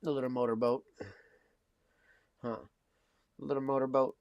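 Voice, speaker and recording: A man hosting a casual live stream, cooing affectionate baby talk and soft murmurs. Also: mid-range voice, flat delivery, normal speed, no echo. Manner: coos affectionate baby talk at a pet cat; soft-spoken, drifting between murmurs and bright calls.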